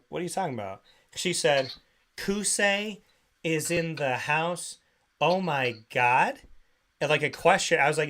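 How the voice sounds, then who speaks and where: Male talk show host, slightly higher voice, lively storyteller who acts out the quoted voices, casual chat on a studio mic. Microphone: studio microphone.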